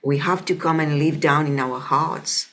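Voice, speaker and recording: A woman's voice: low-pitched, steady tone, a little slow, a bit bright. A woman hosting a podcast interview, speaking reflectively and often adding "you know?". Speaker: podcast host. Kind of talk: conversational interview.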